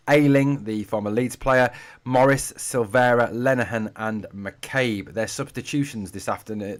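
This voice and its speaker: A man with a northeast English accent talks through a live football watch-along from his home streaming setup. His pitch is mid-range for a man, and he keeps up a chatty, casual patter, calling his viewers mate and guys between comments. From Durham, northeast England. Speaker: football fan channel host. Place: home room being packed up for a move.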